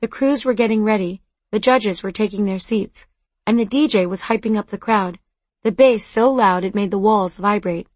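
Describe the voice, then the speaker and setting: A woman's voice: medium pitch, moderate pace, darkish tone. A woman narrates a first-person story in an earnest, conversational way. The recording is dry and close, with no room echo at all. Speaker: audiobook narrator.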